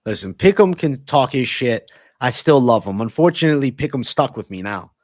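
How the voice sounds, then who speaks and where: A man's voice: medium pitch, lively intonation, moderate pace, dry recording, studio quality. A man hosting a livestream of fight predictions, talking loosely and profanely while hyping and answering viewers in chat. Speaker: livestream host.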